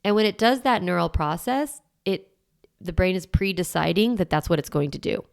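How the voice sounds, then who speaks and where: A middle-aged woman talks parents through her method in a solo podcast, relaxed and conversational. Her voice sits a little low and carries a noticeable gravelly fry. She rambles easily, peppering her points with "like" and quick restarts. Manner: chatty, full of "like" and quick restarts. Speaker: parenting coach and podcast host. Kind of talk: casual solo podcast teaching.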